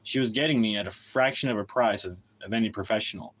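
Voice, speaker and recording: A man's voice: on the low side, quick pace, fairly bright tone, low-quality recording. A man talking to camera on a livestream, ranting bluntly and swearing a lot, then settling into a more casual monologue about his work as a writer. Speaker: independent writer and streamer. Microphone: camera mic.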